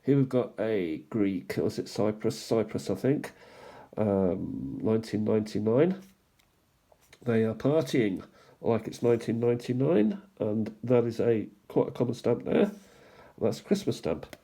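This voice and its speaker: A man hosting a stamp collecting channel, musing aloud in an unhurried way as he shows stamps one by one, with small asides. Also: mid-range voice, dark tone. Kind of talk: casual show-and-tell commentary.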